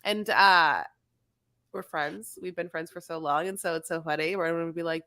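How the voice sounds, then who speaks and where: A woman's voice: fairly low pitch, pushed and bright, smooth. Chatty Valley Girl woman podcaster. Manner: chatty, quick asides, says honey a lot. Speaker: podcast co-host. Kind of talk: casual reality TV recap chat.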